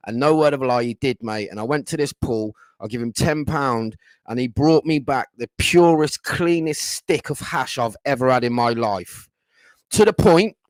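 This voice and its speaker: A man's voice: on the high side, no room sound. A middle-aged man, hosting a casual livestream and telling loose stories in a blunt, sweary way. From England. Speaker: livestream host.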